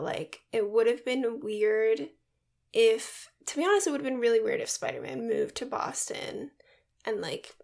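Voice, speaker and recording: A woman's voice: on the high side, vocal fry. A young woman co-hosting a podcast, chatting enthusiastically about a film. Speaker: podcast co-host. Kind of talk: casual chat.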